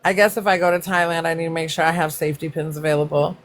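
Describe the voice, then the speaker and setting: A woman's voice: deep voice, steady tone, rapid-fire. A woman hosting a casual livestream, chatting and reacting to comments, laughing often and swearing freely. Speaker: livestream host.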